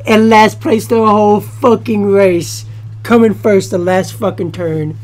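A young woman talks through a racing game in a hushed voice from a dorm room. She swears constantly and bursts out in excitable yelps as the race swings. Faint engine noise from the game hums underneath her. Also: mid-range voice, measured pace. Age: young adult. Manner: profane, excitable outbursts; talking quietly. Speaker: gaming YouTuber. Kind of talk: gameplay commentary.

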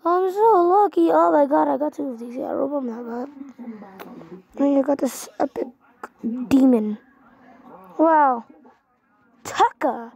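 A woman giving casual let's-play commentary as a gaming vlogger, excitable and swearing a lot as she reacts loudly to the game. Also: high-pitched, slow pace, creaky, long pauses.

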